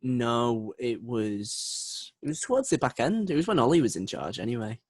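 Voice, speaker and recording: A young man chats eagerly as a podcast co-host, laughing easily. His voice sits in a middling pitch. The sound is dry and close. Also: big pitch swings, moderate pace, slightly rough, no room sound. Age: young adult. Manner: chatty and enthusiastic, laughs often. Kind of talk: casual chat.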